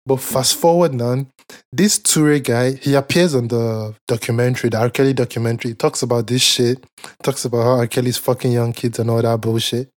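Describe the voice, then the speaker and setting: A man's voice: medium pitch, steady tone, a little fast. A man co-hosting a podcast, telling stories in casual chat with lots of swearing and fillers. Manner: profane, rambling storytelling with frequent fillers and laughs. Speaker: podcast co-host.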